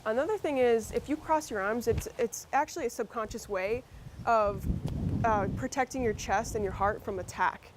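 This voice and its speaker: A woman's voice: a little high, normal speed, noisy background. A woman with a Massachusetts accent presenting a workshop, talking conversationally with fillers and restarts. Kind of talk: instructional workshop talk.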